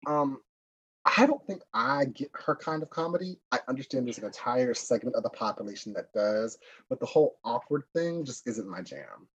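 A man's voice: medium pitch, expressive, moderate pace, fairly bright tone, husky, lo-fi sound. A man co-hosting a casual pop culture chat, chatty and opinionated, laughing often. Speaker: podcast co-host.

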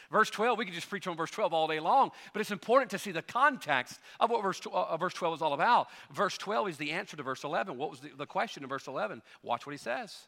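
Animated high-voiced preacher in a reverberant hall. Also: male voice. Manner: animated, emphatic preaching with sudden loud and soft swings. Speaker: pastor. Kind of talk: sermon.

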